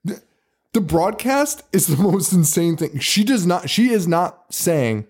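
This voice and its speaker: A man's voice: high voice, measured pace, breathy edge. A man hosting a podcast, chatting casually about a movie, swearing freely and laughing often. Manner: profane, excitable, laughs often. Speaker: podcast host.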